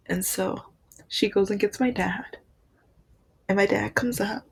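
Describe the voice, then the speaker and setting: A woman telling a personal story on her vlog in an emotional, halting way, with many restarts. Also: medium pitch, darkish tone. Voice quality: gravelly, husky. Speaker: vlogger.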